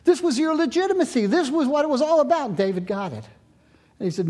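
A man in his sixties, a pastor preaching a sermon, moving from loud emphatic lines to hushed near-whispers. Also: sits high, expressive, fast talker, husky.

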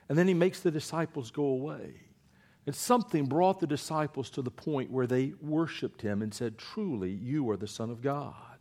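A man, a preacher giving a sermon and coaxing his congregation to read scripture aloud with him. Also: mid-range voice. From Eastern North Carolina. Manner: playful, coaxing the congregation, then hushed and earnest. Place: church before a congregation.

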